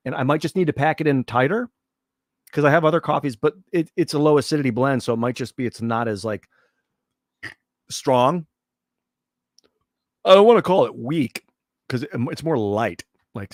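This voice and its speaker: A man's voice: mid-range voice, no room sound, studio quality. A man in his thirties chatting casually while streaming a game, rambling and reflective as he reads chat aloud.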